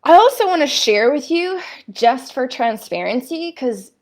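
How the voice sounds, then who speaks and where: A woman's voice: high voice, big pitch swings, unhurried. A woman in her thirties, a spiritual coach talking on a live stream in a candid, fiery way.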